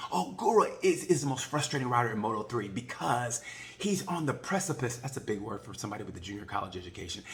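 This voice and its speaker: A man giving a casual, rambling race recap, joking and acting out quick voices along the way. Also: mid-range voice, fairly bright tone. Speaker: motorcycle racing video reviewer.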